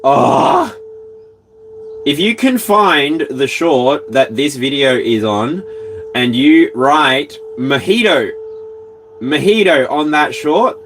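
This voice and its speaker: Speaking slowly with lively intonation, this man has a slightly high, fairly bright voice, with a little hiss or hum on the recording. He's an Australian tarot reader hosting a casual livestream from his caravan, rambling playfully and singing snatches of songs.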